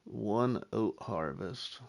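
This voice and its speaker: Slow-talking easygoing middle-aged man. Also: fairly low pitch, vocal fry. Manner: easygoing, chats with viewers while thinking out loud. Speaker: live-stream gaming host. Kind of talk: casual live-stream chat while playing.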